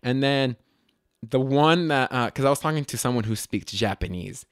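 A man from Las Vegas hosting a casual podcast, telling stories in a rambling, self-correcting way with sudden lively jumps in pitch. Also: moderate pace, smooth, no echo, clean studio sound. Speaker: podcast host. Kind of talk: casual solo podcast storytelling.

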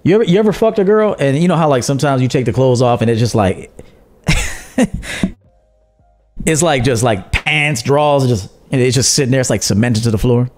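A man hosts a livestream dating-advice show, reading viewer donations in a brash, profane, joking casual monologue; he's a podcast host and dating coach. His mid-range, darkish voice moves a little fast with long pauses, over soft background music.

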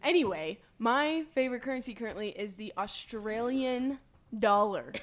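A woman's voice: on the high side, expressive, moderate pace. A woman co-hosting a podcast, chatting casually with a dry, teasing manner. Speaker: podcast co-host.

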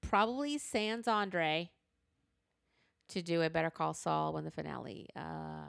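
This woman co-hosts a podcast, casually recommending shows and speaking with frank, animated energy, sprinkling in "y'all" and slang. She sits low and creaky, talking a little slowly. The recording is dry and studio-clean.

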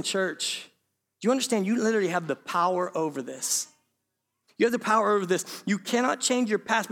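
Male preacher with a high-pitched voice, delivering an emphatic, congregation-addressing sermon in a church. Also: fairly bright tone. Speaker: pastor. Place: church sanctuary.

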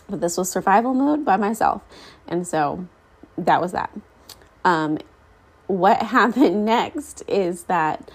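A woman's voice: on the low side, low-quality recording. A woman in her thirties hosting a podcast, telling a casual, rambling story full of fillers and self-corrections. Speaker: podcast host.

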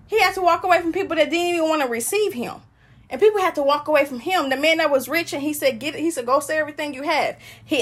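A woman with a high, slightly breathy voice talks casually about her faith. She is joyful and preachy, laughs often and rambles from one thought to the next. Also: a bit bright. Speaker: Christian woman sharing testimony.

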